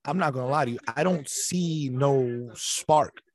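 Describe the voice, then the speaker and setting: A man's voice: medium pitch, unhurried. A man in a casual podcast chat, ranting bluntly with lots of swearing. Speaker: podcast co-host.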